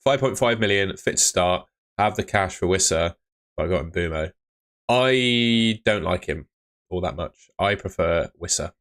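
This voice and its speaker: Laid-back low-voiced streamer. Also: male voice, unhurried, a bit bright. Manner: chatty, answers viewers' questions, calls them mate. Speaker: live stream host. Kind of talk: casual live stream chat.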